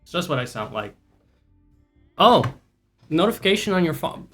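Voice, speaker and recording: A man's voice: a little high, big pitch swings, fast talker, a bit bright, soft background music. A man streaming live and chatting casually with viewers, rambling, sarcastic and profane.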